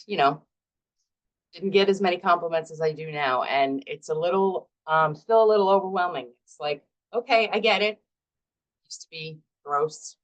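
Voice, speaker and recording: A woman's voice: low voice, poor audio. A woman, middle-aged, talking casually to camera as a vlog host, chatty and self-deprecating with frequent laughs.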